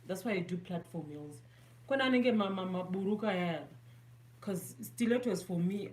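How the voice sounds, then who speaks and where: A woman's voice: medium pitch, normal speed, a little mellow. Chatty Zimbabwean woman, self-mocking. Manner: chatty, self-mocking, switches between English and Shona. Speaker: beauty vlogger. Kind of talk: casual makeup tutorial chat.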